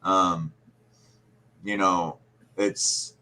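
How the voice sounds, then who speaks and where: A man from Kentucky with a lowish voice talks in a loose, rambling podcast chat. He gets animated, stretching out words as he imitates how people talk back home. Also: moderate pace. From central Kentucky. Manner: rambling, animated storyteller who imitates regional pronunciations. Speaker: podcast host. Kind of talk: casual conversational chat.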